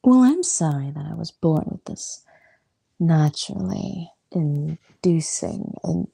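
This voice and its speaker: A woman voicing a flirty, sultry female cartoon bat thief in a teasing fan role-play Q&A, with a husky voice. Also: low-pitched, animated, slow pace, warm tone, dry recording, full character voice. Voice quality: husky, gravelly. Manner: teasing, playful.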